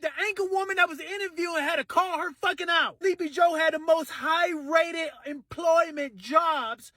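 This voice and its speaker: A man with a notably high voice ranting in heated, cursing bursts, circling back to the same complaints and now and then shouting. The sound is dry and close, with no room echo. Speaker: commentator ranting to camera. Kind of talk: angry profane political rant.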